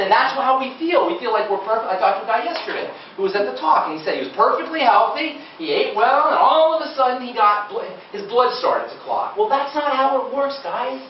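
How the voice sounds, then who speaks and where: A man's voice: very high-pitched, animated, fairly quick, few pauses, a little hiss or hum. A man giving a live seminar talk to an audience, chatty and asking the listeners questions. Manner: conversational, quizzes the audience. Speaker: nutrition speaker. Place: lecture room with a live audience. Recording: dull, echoey room from far off.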